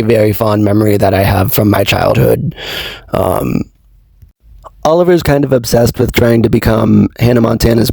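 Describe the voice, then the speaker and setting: A young man talks in a low, mellow voice, easygoing and a bit halting, with lots of ums and you-knows. The sound is dry and close, with no room echo at all. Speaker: YouTube host. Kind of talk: casual spoken recap.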